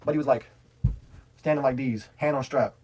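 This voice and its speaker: A man's voice: mid-range voice, moderate pace, background noise. A young man telling a casual storytime, rambling and profane, full of "like", laughing as he goes. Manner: rambling, profane, heavy use of "like"; animated, laughs while telling.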